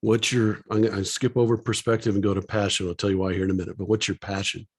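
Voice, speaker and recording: Podcast host, affirming and encouraging, lowish husky voice. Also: male voice, flat delivery, quick pace, a little mellow. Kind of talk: podcast interview.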